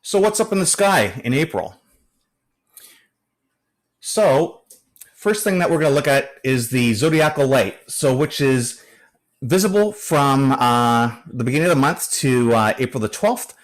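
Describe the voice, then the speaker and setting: A man's voice: mid-range voice, expressive, measured pace. A man presenting at an astronomy club meeting, reading through notes with frequent fillers and a few dry joking asides. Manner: hesitant, many fillers.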